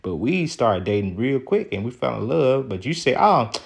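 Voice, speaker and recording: A man's voice: mid-range voice, animated, normal speed, vocal fry, darkish tone, slightly rough. A man talking straight to the camera in a vlog, venting in a rambling, aggrieved way and swearing casually as he reads out old text messages. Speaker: vlogger. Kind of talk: venting vlog monologue reading out texts.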